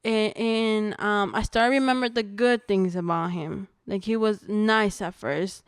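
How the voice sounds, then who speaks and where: A woman's voice: medium pitch, steady tone, smooth, no echo, studio quality. Earnest young woman telling her testimony. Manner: earnest storytelling, halting with restarts. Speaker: podcast guest sharing testimony. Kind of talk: personal testimony in casual conversation.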